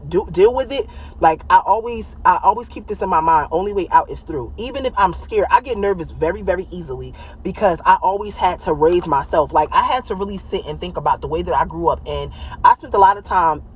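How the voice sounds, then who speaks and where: A woman in her late thirties telling a personal story in a casual, blunt, animated way, swearing freely. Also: on the low side, a little hiss or hum, rough recording. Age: late 30s.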